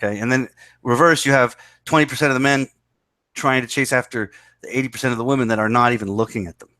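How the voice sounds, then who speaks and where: A man's voice: medium pitch, steady tone, fast, pushed and bright, no room sound. Lecturing man with a dry sound. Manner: lecturing, repetitive explaining. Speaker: podcast co-host. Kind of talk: casual chat.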